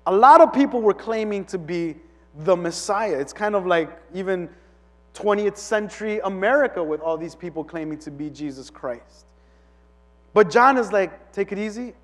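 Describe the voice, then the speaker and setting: A man with a notably high-pitched voice preaches a relaxed teaching sermon, chatty and loose, full of "like" and restarts. His voice rings with a long reverb from a big hall. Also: moderate pace. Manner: conversational, many "like" fillers and restarts.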